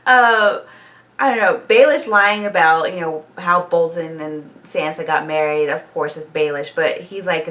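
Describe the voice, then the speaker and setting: Woman with a low voice, swearing, animated. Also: normal speed, far from the mic. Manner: animated, swears freely, laughs often. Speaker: TV show reaction vlogger. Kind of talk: casual reaction recap.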